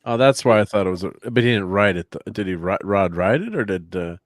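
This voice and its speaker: A man's voice: fairly low pitch, animated, quick pace, no room sound, studio quality. A man chatting casually as co-host, laid-back and chuckling as he talks. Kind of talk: casual chat.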